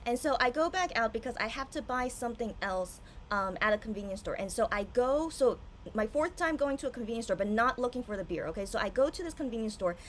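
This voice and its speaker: Tipsy young woman streamer, high bright voice, excitable and animated. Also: quick pace, a little hiss or hum. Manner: excitable, swings from hushed to loud outbursts. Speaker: livestreamer. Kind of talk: casual livestream chat.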